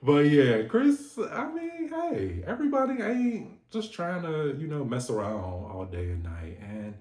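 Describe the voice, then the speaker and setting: A man hosting a casual reality TV recap vlog, animated and sassy, laughing and swearing often. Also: a little high, a little slow. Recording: echoey room.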